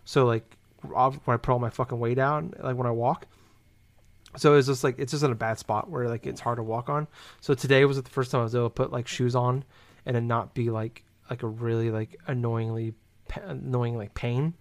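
A man's voice: mid-range voice, steady tone, fairly quick. A young man in casual chat, telling a rambling story that is full of "like" and swearing. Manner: rambling, heavy use of "like", swears freely.

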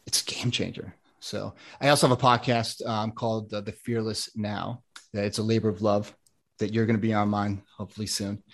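A man's voice: lowish voice, little pitch movement, a little fast, vocal fry, fairly bright tone. An American man, an ADHD coach, talking in a casual podcast interview, rambling with many restarts and plenty of enthusiasm. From United States.

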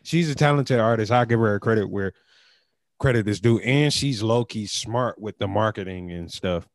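A man's voice: lowish voice, normal speed, no room sound, studio quality. A man co-hosting a podcast, joking in casual, profane chat. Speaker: podcast co-host.

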